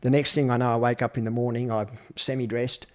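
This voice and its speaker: Australian man, 50s, podcast guest; blunt, salty storyteller at a middle pitch. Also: level tone, fast, a little mellow. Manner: blunt, swears freely, acts out quoted speech. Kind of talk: personal storytelling interview.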